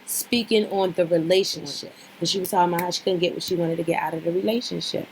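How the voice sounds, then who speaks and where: A woman's voice: lowish voice, steady tone, fast talker, slight background noise. A woman giving casual, opinionated commentary as a vlogger, blunt and swearing freely, talking straight at the people she discusses and repeating herself for emphasis. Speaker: reality show recap vlogger.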